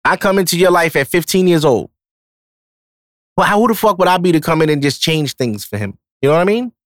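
A man's voice: on the high side, lively intonation, brisk, no room sound, studio quality. A man hosting a podcast, talking casually in a blunt, profane, emphatic way. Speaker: podcast host. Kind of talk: casual monologue.

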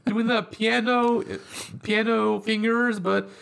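A man's voice: high-pitched, flat delivery, takes it slowly, vocal fry, a bit bright. A man co-hosting a casual film review podcast, chiming in with playful asides. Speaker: podcast co-host.

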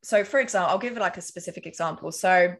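A woman speaking as a guest on an interview podcast, her voice sitting a little low for a woman. She explains things earnestly and casually, building ideas step by step through examples and letting a swear word slip now and then. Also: fast.

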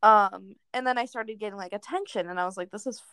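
A woman's voice: mid-range voice, quick pace, background noise. A young woman telling a crude personal story in casual chat, swearing freely and laughing often.

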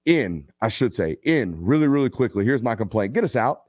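A man in his thirties hosts a live football stream, talking in a loose, slangy storytelling way. His pitch is mid-range, and the close mic gives a dry sound with little room. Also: expressive, a little fast, a little mellow, no room sound. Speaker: host of a live football show. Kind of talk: casual live-stream chat.

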